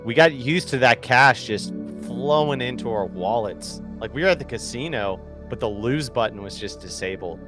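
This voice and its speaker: A man's voice: mid-range voice, lively intonation, moderate pace, hardly any pauses, music in the background. A male podcast co-host in casual chat, delivering a tongue-in-cheek rallying speech. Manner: mock-inspirational rallying speech.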